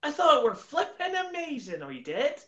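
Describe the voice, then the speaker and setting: A man's voice: very high-pitched, huge pitch swings, normal speed, sharp tone, highs cut off, pitched above the performer's own voice, full character voice. A man putting on a cheerful West Country man with a put-on West Country accent, broad and sing-song. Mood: jolly. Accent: West Country English, put on.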